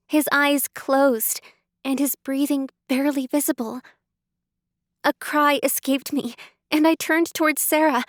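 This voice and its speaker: A woman narrating a first-person audiobook in a measured way, close to the mic. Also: sits high, no room sound.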